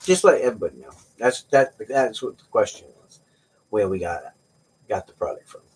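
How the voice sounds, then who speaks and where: A man's voice: fairly low pitch, animated, brisk, breathy edge. A middle-aged man hosting a livestream, chatting casually with viewers and telling rambling, joking stories. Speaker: livestream host.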